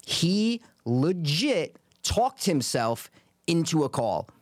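Animated man telling a story. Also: fairly high pitch, takes it slowly, dry recording, clean studio sound. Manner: animated, swears freely, acts out quotes. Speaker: podcast co-host telling a poker story. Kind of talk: casual storytelling chat.

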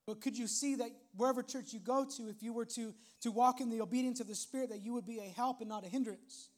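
A man's voice: very high voice, fairly even intonation, fast. A male pastor preaching a sermon in a conversational way, with frequent asides to the congregation.

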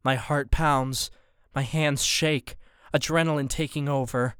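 Smooth man reading a tense story. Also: mid-range voice, fairly even intonation, a little slow, a bit bright, dry recording, clean studio sound. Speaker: audiobook narrator. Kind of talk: first-person story narration.

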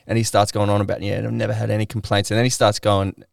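Young Aussie bloke, podcast co-host, gravelly low voice, animated storyteller, dry close sound. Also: male voice, quick pace, dry recording. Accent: Australian. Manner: animated anecdote-telling, mimics people he quotes. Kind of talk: casual storytelling chat.

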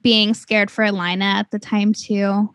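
A woman's voice: mid-range voice, flat delivery, a little slow, a bit bright. A woman interviews a guest, mostly answering with brief, encouraging words. Now and then she asks a short question.

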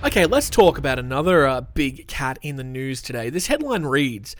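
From a room at home with the window open, a male podcast host chats casually and reads the news aloud. He speaks at a normal speed in a medium-pitched voice that swings widely up and down, rambling, swearing and dropping many ums along the way.

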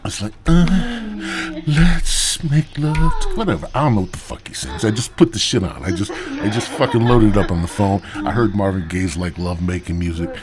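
A man's voice: deep voice, a little fast, few pauses, a crowd in the background. A man hosting a podcast, rambling through a crude, profane comic story in a stoned drawl. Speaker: podcast host.

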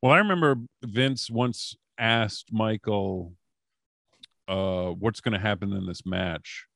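Comedian guy spinning backstage stories, lowish voice, dry close sound, lots of ums. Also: slow, vocal fry, no echo. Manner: animated anecdotes, frequent fillers. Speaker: comedian guest, former wrestling writer. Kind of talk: casual storytelling on a podcast.

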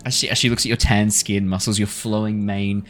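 Deep-voiced man running a tabletop game. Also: level tone, brisk, a bit bright, soft background music. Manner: playful, laughing, loose storytelling. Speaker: dungeon master.

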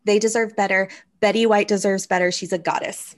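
A woman's voice: mid-range voice, a little fast. A woman hosting a casual comedic advice chat, telling stories animatedly and cussing freely. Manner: profane, animated storytelling. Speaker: podcast host. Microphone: studio microphone.

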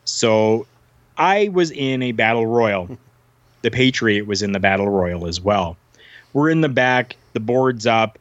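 A man's voice: fairly low pitch, dry recording, muffled recording. A man from Canada, a former wrestler, telling long rambling stories on a podcast with lots of fillers and restarts, acting out what others said. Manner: rambling anecdotes with many fillers and restarts, acting out quoted voices. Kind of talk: casual storytelling.

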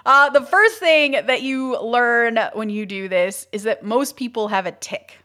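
A young woman co-hosting a podcast, chatting casually about writing, with quick bursts of speech and frequent laughter. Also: fairly high pitch, sharp tone. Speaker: podcast co-host.

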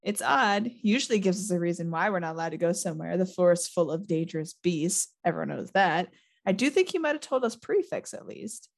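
A woman's voice: on the low side, lively intonation, brisk, creaky. A woman reading the lines of a stuffy, self-important teenage boy prefect. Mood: prim.

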